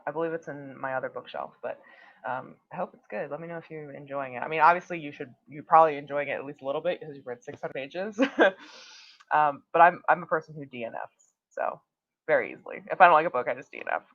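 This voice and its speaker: A woman's voice: sits low, fast, lo-fi sound. A young woman hosting a casual livestream, chatting and reading out viewer comments with many fillers. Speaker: livestream host.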